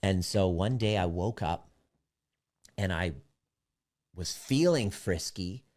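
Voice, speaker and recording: A man's voice: low voice, slow pace, darkish tone. A man, a relationship coach, tells a candid personal story and draws earnest lessons from it, blunt and emphatic and swearing freely. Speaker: self-help relationship coach.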